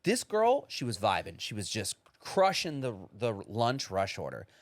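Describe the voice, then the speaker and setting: A man co-hosting a podcast, ranting in casual chat, profane and animated as he acts out other people. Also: mid-range voice, normal speed, no echo. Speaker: podcast co-host.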